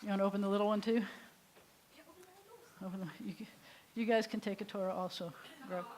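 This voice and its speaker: A woman rabbi leading a synagogue service, giving friendly instructions and joking quietly with the congregation. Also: mid-range voice, fairly even intonation, fairly quick, slight background noise. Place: synagogue sanctuary.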